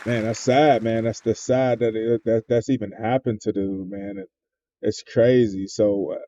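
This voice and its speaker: Laid-back male host, reacting to a clip in a mellow voice, recorded on dull, lo-fi audio. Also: medium pitch, a little slow, vocal fry, some chatter behind, slight background noise. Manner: laid-back, drawls, says "man" a lot. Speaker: trucking channel host. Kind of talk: reaction commentary. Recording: dull lo-fi sound.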